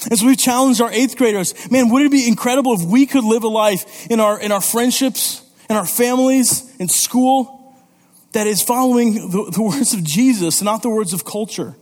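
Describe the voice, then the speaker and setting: A man preaching a sermon as youth pastor, lively and conversational, often checking in with "okay?" and "all right?". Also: high-pitched. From Italy. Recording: long reverb of a church hall.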